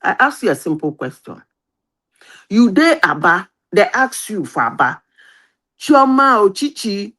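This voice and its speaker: A Nigerian woman with a lively, insistent way of talking, mixing Pidgin and English in a heated political panel debate. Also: mid-range voice, normal speed.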